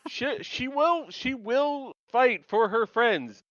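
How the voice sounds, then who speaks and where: A man's voice: very high-pitched, expressive, slow, fairly bright tone, no echo, lo-fi sound. A young man co-hosting a casual recap chat, bantering, laughing a lot and repeating himself. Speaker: podcast co-host.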